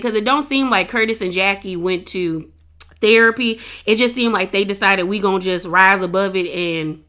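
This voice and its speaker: A woman casually recapping a reality show episode, chatty and opinionated, with slangy, animated retelling. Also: a little high.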